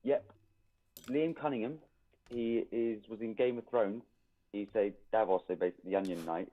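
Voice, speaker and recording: Man, podcast guest, lowish voice, hesitant explainer, tinny phone-like line, distant from mic. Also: moderate pace. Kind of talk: casual chat.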